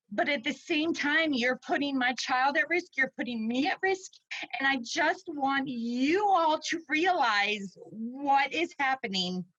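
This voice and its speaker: A woman's voice: high-pitched, a bit bright, no echo, highs cut off. A woman in her forties, a parent and teacher, crying as she gives an emotional public comment at a meeting. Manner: tearful, pleading, shaky.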